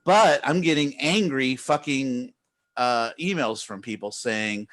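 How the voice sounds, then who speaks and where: A man's voice: medium pitch, animated, slow, a bit bright. Exasperated man ranting. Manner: profane, exasperated storytelling. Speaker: podcast co-host. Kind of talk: casual group chat, ranting.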